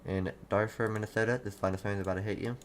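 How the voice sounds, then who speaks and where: A man's voice: on the low side, steady tone, slight background noise. Casual young male storm streamer. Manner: casual, halting, thanks viewers often. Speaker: livestream weather host. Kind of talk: live storm coverage reading viewer towns.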